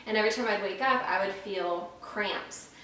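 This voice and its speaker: A woman's voice: medium pitch, moderate pace, bright, forceful tone, recorded from a distance. A young woman from Florida talking casually about her pregnancy at home, frank and chatty with many ums, her mouth dry and a little short of breath. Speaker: vlogger. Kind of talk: casual pregnancy update vlog. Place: at home, indoors. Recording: very echoey room, faint noise, off-mic.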